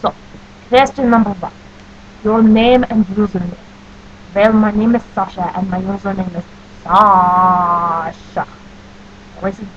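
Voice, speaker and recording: Deadpan woman in a mock Russian accent. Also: medium pitch. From New Jersey. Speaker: vlogger. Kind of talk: comic accent-challenge vlog. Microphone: webcam. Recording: dull lo-fi webcam audio with faint hum.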